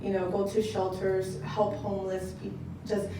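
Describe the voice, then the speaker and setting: A young woman giving an excited, conversational testimonial speech to an audience at a business event and talking to them directly. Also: medium pitch, moderate pace, a little hiss or hum. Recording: echoey room picked up from a distance.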